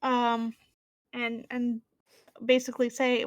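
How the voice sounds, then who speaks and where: A woman player in a tabletop game talks slowly and hesitantly, with plenty of fillers. Her voice sits slightly high. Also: steady tone, a bit bright. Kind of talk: tabletop game play, casual.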